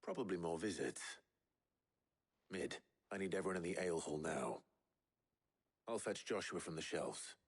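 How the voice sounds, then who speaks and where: An actor playing a stern young warrior leader, commanding and firm in a game. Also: male voice, low-pitched, animated, normal speed, pauses often, slightly rough, exaggerated voice. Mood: resolute.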